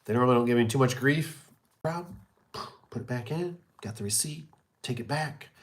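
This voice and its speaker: A man's voice: medium pitch, normal speed. A middle-aged man who runs a garage door business, chatting casually in a rambling, folksy way with many fillers. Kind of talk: casual chat.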